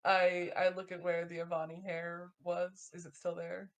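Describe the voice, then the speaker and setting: A woman's voice: fairly low pitch, monotone, normal speed. A woman playing a tabletop role-playing game, describing her character's actions in an easygoing way. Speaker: player. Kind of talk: casual tabletop game play.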